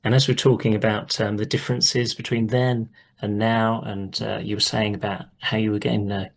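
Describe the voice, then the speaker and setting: A man's voice: on the low side, level tone, moderate pace, creaky. A man who interviews a guest, asking short, steering questions.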